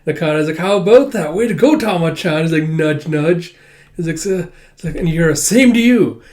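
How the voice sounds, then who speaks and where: A man casually recapping a comic chapter, reading the characters' lines aloud with sudden jumps in pitch and loudness, laughing now and then. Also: lively intonation, brisk. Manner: casual and chatty, many fillers. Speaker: manga reader and commentator.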